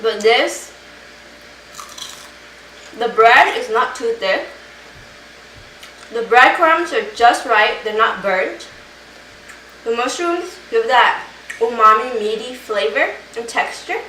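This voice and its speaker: A woman's voice: a little high, animated, slow pace, long pauses, bright, forceful tone, echoey room, far from the mic, slight background noise, poor audio. A woman chatting casually in a home cooking vlog, enthusiastic as she cooks and tastes her food. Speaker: home cook vlogger. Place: home kitchen.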